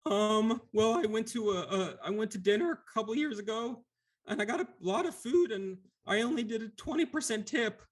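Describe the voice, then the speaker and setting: A man voicing a timid sludge-creature lemure that whimpers, stammers and keeps apologizing in a tearful, high voice. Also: expressive, fairly quick.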